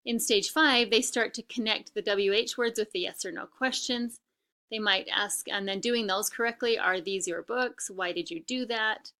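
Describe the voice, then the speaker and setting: A woman lecturing in a bright, clear-edged voice. She explains step by step, pausing on ums and restarting her sentences. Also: on the high side. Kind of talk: recorded lecture.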